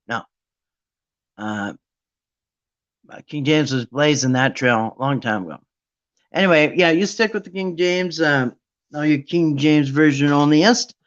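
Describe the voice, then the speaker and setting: A man's voice: a little high, fairly bright tone, highs cut off. A man hosting a Bible study talk, ranting with sarcasm in a rambling, casual monologue.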